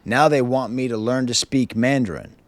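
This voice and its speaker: A man's voice: mid-range voice, moderate pace, no room sound. A man reviewing an album in a casual way at home, wry and chuckling, reading lyrics aloud. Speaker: music reviewer. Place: home with his dog.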